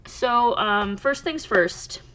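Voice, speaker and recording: A woman hosting a crochet channel, talking casually to camera in a soft, halting way with many pauses and restarts. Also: fairly high pitch, lively intonation.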